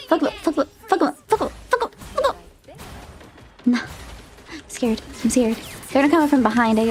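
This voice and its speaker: Very high-pitched, excitable woman streamer. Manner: excitable, panicky, swears and apologizes in rapid repeats. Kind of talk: live gameplay streaming.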